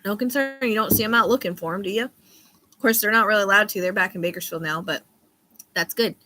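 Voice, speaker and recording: Bright-voiced rambling woman livestreaming. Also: mid-range voice, fast talker. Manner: rambling, often loses her train of thought; laughs easily between thoughts. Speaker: psychic livestream host. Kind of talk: casual live-stream chat.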